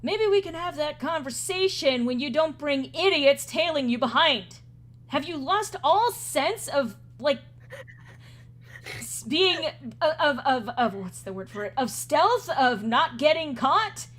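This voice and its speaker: A woman's voice: on the high side, lively intonation, slow, pauses often, fairly bright tone, full character voice. A woman voicing a surly, hot-tempered man in a tabletop game, snapping and scornful. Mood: irritated. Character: surly hot-tempered male camp guard.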